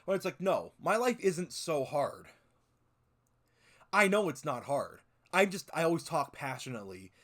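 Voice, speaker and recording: A man's voice: a little high, sing-song, normal speed, fairly bright tone. A man in his twenties streaming, chatting casually and rambling with lots of swearing and fillers. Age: 20s. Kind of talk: casual stream chat reacting to videos.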